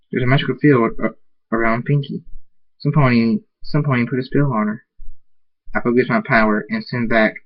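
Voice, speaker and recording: Halting man reading a fan story. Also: mid-range voice, lo-fi sound. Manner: halting, with restarts. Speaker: narrator.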